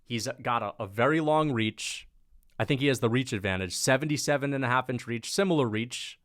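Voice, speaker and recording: A man's voice: mid-range voice, brisk, a bit bright. Rambling slangy guy breaking down fights. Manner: rambling, slangy, peppered with "like" and "dude". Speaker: MMA prediction YouTuber. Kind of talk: casual fight breakdown monologue.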